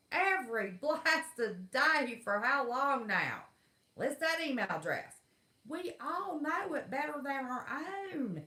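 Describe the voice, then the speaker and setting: A middle-aged woman with a twang chats on a livestream in a folksy, blunt manner. Her voice sits a little high and swings widely up and down. The sound is echoey, as if in a bare room. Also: pushed and bright. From West Virginia. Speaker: livestream host. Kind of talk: casual live chat rant.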